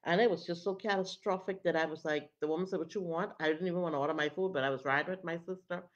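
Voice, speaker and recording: Low-voiced woman telling an animated testimony. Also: fast. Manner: animated, acts out the other people's lines. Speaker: prophetess. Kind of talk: testimony storytelling. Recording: dull lo-fi recording.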